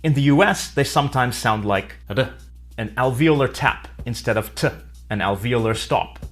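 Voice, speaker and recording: A man walks through an English lesson in a clear, methodical way. He slips in some dry humor, and his pitch sits at an average level. Faint music plays behind him. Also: animated, normal speed. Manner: clear, explanatory, dryly humorous. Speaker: English teacher. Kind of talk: scripted educational narration.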